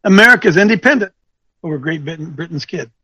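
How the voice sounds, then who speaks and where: A man coaching an audience, speaking in an animated, teasing way that quizzes listeners with questions and thinks aloud. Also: on the high side, fast talker, breathy edge, no room sound, highs cut off. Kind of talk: lecturing talk with rhetorical questions.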